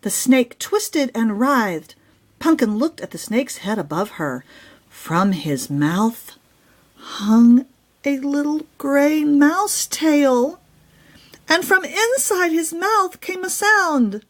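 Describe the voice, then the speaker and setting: Slow, expressive woman reading a children's story. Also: sits high. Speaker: author reading her own children's book. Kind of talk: children's read-aloud.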